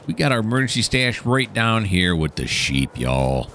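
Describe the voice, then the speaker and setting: A man's voice: on the low side, big pitch swings, moderate pace, a bit bright, a little hiss or hum. A middle-aged man, commenting casually on a farming game and talking to the animals as he plays. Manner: rambling self-talk, chatting to the game animals. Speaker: gaming channel host.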